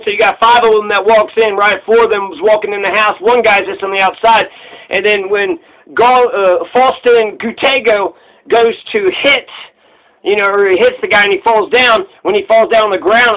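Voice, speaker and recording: A man giving a rambling, profane casual monologue on recent news, often restarting his thoughts. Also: sits high. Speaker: commentator. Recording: tinny phone-like recording.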